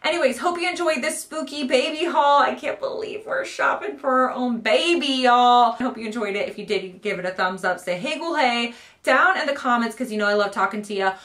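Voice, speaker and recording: A woman's voice: fairly high pitch, fairly quick, hardly any pauses, fairly bright tone. A young woman, talking to camera in a casual home vlog, bubbly and gushing with frequent laughs. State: pregnant. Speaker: vlogger showing a baby haul.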